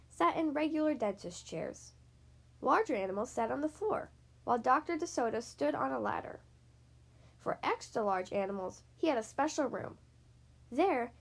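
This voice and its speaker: A woman reading a children's picture book aloud, slowly and expressively. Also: on the high side, creaky, breathy edge. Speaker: reader.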